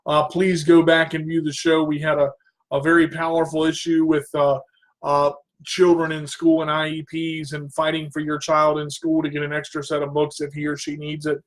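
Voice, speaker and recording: A man hosting his own radio show, telling a rambling story in a casual, animated way. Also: a little high, moderate pace. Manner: animated, rambling, breaks into goofy singing.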